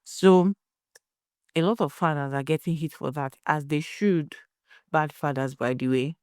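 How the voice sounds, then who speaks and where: A woman's voice: sits low, unhurried, a little mellow, no echo. Woman, Nigerian accent, podcast host, conversational commentary, resonant, dry sound. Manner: opinionated, conversational, storytelling.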